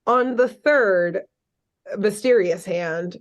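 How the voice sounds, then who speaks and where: A woman co-hosting a podcast, recapping a cartoon episode in casual chat, animated and full of "like", acting out the characters' lines. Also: mid-range voice, slow. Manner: animated storytelling, lots of "like", acts out characters' lines.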